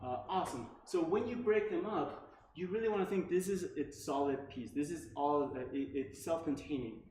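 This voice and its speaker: A man's voice: a little high, moderate pace, a little mellow. A man giving a casual technical talk at a developer meetup, full of fillers like "like" and "right?". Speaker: meetup speaker. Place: meetup room. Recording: echoey room, faint background noise.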